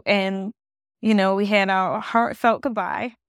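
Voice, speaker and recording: A woman's voice: mid-range voice, fairly even intonation, a little slow, clear, resonant tone, no echo, studio quality. A woman hosting a solo podcast from her new apartment, telling a story in a loose, rambling way, with lots of "like". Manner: rambling storytelling, heavy use of "like". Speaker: podcast host. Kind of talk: casual solo podcast chat.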